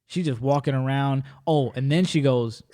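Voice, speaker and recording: A man's voice: medium pitch, normal speed. A man hosting a podcast, telling a story in casual chat, bluntly and with lots of profanity, acting out the voices of the people in it. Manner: animated, acts out quoted dialogue with shifting voice. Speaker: podcast host.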